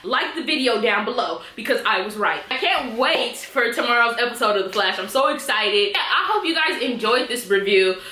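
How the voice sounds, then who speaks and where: A woman's voice: on the high side, expressive, moderate pace, few pauses, sharp tone, reverberant. A woman recapping a TV episode in a casual vlog, chatty and acting out the characters' lines. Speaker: TV episode reviewer.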